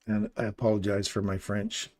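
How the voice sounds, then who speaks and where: A man's voice: lowish voice, fairly even intonation, moderate pace, a little mellow. A man from Canada hosting a live trading stream, pointing at charts and greeting chat viewers by name. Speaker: trading livestream host.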